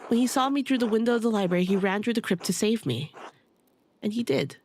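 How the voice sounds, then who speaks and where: A woman reading aloud the lines of a weary, grieving older male hermit scholar from a story game, in a subdued, halting way. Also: medium pitch, lively intonation, darkish tone, slight background noise, natural voice.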